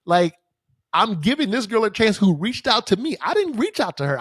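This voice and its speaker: A man's voice: high voice, sing-song, moderate pace, a bit bright, breathy edge, no room sound, clean studio sound. A young man, hosting a solo podcast and telling stories with lots of fillers and swearing. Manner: casual, profane, exasperated ranting with many fillers. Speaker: podcast host. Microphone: studio microphone facing camera.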